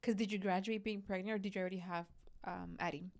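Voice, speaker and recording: A woman's voice: medium pitch, steady tone, fast talker, vocal fry. A woman hosting a podcast, chatting casually, reacting with short remarks and asking questions. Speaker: podcast host. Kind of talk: casual chat.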